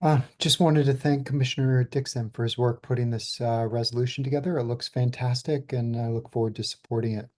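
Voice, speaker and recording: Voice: mid-range voice, fairly even intonation, a little fast, hardly any pauses, darkish tone. A commission member making brief, polite remarks at a meeting.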